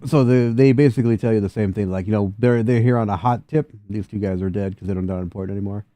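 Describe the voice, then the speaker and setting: A man's voice: fairly low pitch, quick pace, warm tone, dry recording. A man running a tabletop game, laughing often and voicing slangy street characters in loose, profane chat. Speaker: game master.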